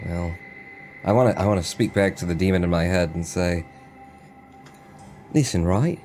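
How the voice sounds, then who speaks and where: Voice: deep voice, steady tone, fairly quick, darkish tone, faint music behind. A player chatting casually at a tabletop game table. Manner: casual, offhand. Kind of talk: casual chat.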